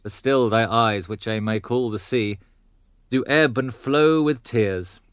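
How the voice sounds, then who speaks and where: A man's voice: mid-range voice, slow pace, clean tone, dry recording, close to an everyday voice. Brief: actor as a middle-aged noble father in a rage, mid-range voice, dry studio sound. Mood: mocking. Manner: blustering, swings from growls to shouts. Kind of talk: classical stage drama.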